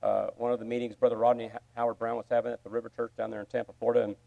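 A man preaching a sermon, telling a story with sudden swings from quiet asides to loud, excited bursts. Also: medium pitch, racing, vocal fry, phone-quality sound. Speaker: pastor.

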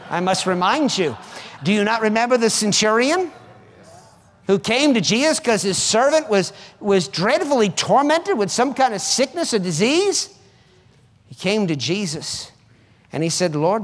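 Fervent high-voiced preacher in a reverberant hall. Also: male voice. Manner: fervent, repetitive exhortation. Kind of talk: sermon.

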